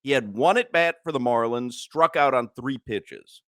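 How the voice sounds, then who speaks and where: Close on a studio mic with no room sound, a man co-hosts a sports radio show in casual banter. His mid-range, slightly bright voice moves at a moderate pace as he rambles through stories, thinking aloud with many fillers.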